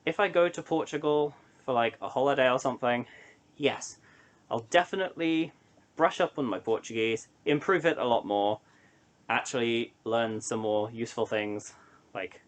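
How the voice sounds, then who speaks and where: A man's voice: medium pitch, normal speed. A young man chatting casually to camera in a solo vlog, rambling and hesitant with lots of ums and restarts. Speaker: vlogger.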